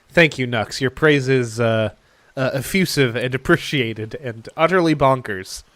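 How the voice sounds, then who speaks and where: A man's voice: medium pitch, slow pace, a bit bright. A man streaming a game and chatting with viewers in a wry, mock-formal way, often muttering to himself. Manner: wry, mock-formal phrasing, talks to chat. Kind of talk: casual gameplay stream chat.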